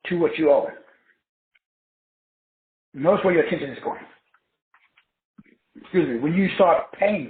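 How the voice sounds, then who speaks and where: A man teaching in a preachy style, spelling words out letter by letter and answering his own questions with emphatic repetition. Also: fairly high pitch. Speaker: self-help teacher. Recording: tinny phone-like sound in an echoey room.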